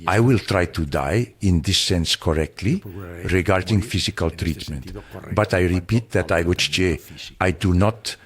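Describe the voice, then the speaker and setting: An older man from Spain, a retired surgeon, answering interview questions in a calm, earnest, reassuring way. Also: sits low, unhurried.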